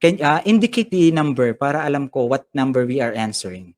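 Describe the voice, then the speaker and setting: A man's voice: mid-range voice, sing-song, quick pace, a little mellow. A man with a Filipino accent teaching an online science class, upbeat and chatty as he reads out viewers' comments and mixes in Tagalog phrases. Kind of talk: live-streamed online lesson.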